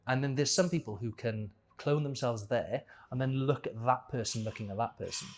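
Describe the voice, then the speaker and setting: A man's voice: mid-range voice, a little fast. A man speaking as a podcast guest in a casual conversation, rambling and thinking aloud, often restarting and correcting himself.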